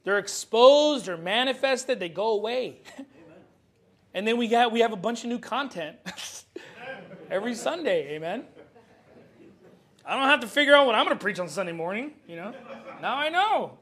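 A man preaching a sermon as pastor, animated and joking, acting out scenes from the Bible. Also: extremely high pitch, normal speed, pauses often.

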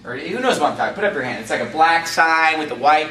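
A man preaching a sermon in a church, reading scripture slowly and pressing hard on key words. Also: on the high side, lively intonation, pushed and bright. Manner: preaching, fervent emphasis, reads scripture slowly. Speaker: pastor. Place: church sanctuary. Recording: echoey church room, mic at a distance.

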